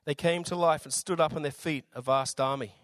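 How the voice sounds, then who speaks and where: Man, Australian accent, slightly raspy, somewhat high voice, casual joking sermon, dry close sound. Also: fairly even intonation, brisk, fairly bright tone, dry recording. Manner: informal, jokey preaching with many fillers. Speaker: visiting preacher.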